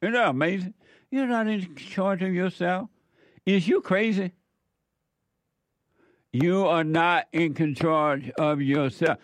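A man's voice: a little high, a little slow, dry recording. A man hosting a call-in radio show, lecturing listeners emphatically and laughing often between points. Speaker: radio host. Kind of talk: call-in talk show preaching. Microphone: studio mic.

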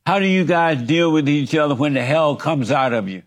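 A man's voice: on the high side, fairly quick. A man hosting a talk show who asks provocative, teasing questions. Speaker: host.

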